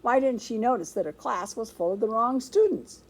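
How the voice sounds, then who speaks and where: A woman reading a children's chapter book aloud with expressive storytelling. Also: on the high side, normal speed, low-quality recording. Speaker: storybook reader.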